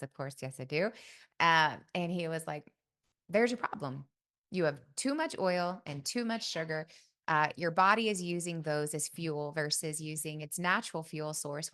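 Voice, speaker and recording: A woman's voice: lowish voice, fairly bright tone. A middle-aged woman hosting a podcast, telling a personal story in a casual, folksy way and often saying "y'all". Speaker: podcast host.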